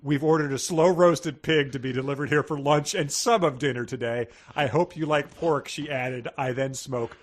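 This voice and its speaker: A man's voice: fairly high pitch, fairly even intonation, normal speed, few pauses. A man in his thirties co-hosting a book podcast, joking and reading passages aloud with mock drama. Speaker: podcast co-host.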